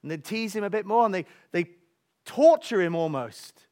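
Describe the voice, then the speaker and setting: A man preaching a sermon, telling stories with animated energy and dropping to soft near-whispers for emphasis. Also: high-pitched, moderate pace.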